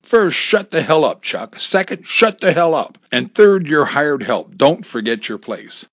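A man's voice: lowish voice, expressive, normal speed, husky, no room sound, studio quality. A man voicing a cruel, bossy male gunman who barks orders. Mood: yelling. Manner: barking, bullying orders. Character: menacing armed male thug, bossy, cruel.

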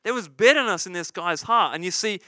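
This pastor speaks a little fast in a high, bright, forceful voice with lively intonation, and there's no echo. His sermon is conversational, often asking "right?", saying "you see," and repeating key lines to drive them home.

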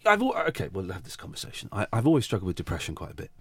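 A middle-aged man chatting in a podcast interview, his pitch rising and falling a lot as he talks. He tells his stories haltingly, stopping and restarting his sentences. The sound is dry and close to the mic, with no room around it. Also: wildly swooping pitch, a bit bright, husky, dry recording. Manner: hesitant, halting storyteller with many restarts. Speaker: radio host, podcast guest. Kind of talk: casual conversational interview.

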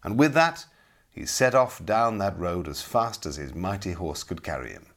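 Expressive male audiobook narrator. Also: low voice, normal speed. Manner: expressive, dramatic. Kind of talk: audiobook storytelling.

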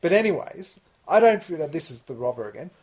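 A man's voice: on the high side, big pitch swings, fast talker, darkish tone, breathy edge. Jokey man reading news with laughs. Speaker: podcast host reading news stories. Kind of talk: casual chat, reading news aloud.

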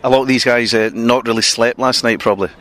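A man's voice: medium pitch, steady tone, a bit bright. A man hosting a street podcast, bantering and teasing people outside a stadium. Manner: joking, teasing, quick banter. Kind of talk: roving street interviews. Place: outdoors on a busy street by a stadium.

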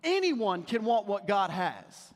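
A man preaching a sermon as a pastor, talking to the congregation in a conversational way and dropping to a quiet storytelling voice for anecdotes. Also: high-pitched, big pitch swings, slow pace, big-room sound. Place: church sanctuary.

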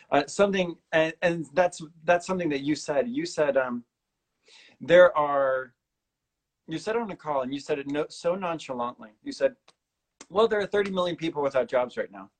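A male podcast host with a slightly raised voice talks in an earnest, rambling way. He is casual and animated and breaks into quick impressions of other people. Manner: animated, imitates others with big pitch jumps. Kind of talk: casual conversational interview.

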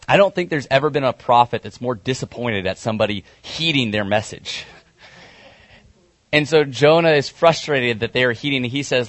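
A man's voice: mid-range voice, normal speed, a bit bright, no echo. A male pastor preaching a sermon, retelling a scripture story conversationally with some fillers.

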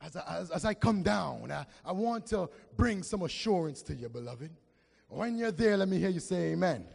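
A man preaching a sermon with impassioned, drawn-out delivery and call-and-response with the congregation. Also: high voice, expressive, gravelly, darkish tone, slightly rough. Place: church. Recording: long reverb of a church hall.

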